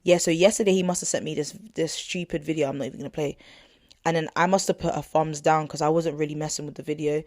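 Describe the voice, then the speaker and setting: A young woman's low, dark, steady voice moves at a quick pace as she hosts a podcast. Indignant, she retells an argument as a casual, slangy personal story stuffed with asides and "not gonna lie," recorded in clean studio sound without echo.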